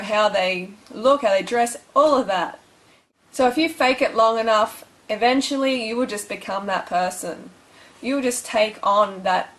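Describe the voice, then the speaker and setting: A woman's voice: medium pitch, rough recording. A young woman giving blunt, bossy, tough-love advice in a motivational vlog.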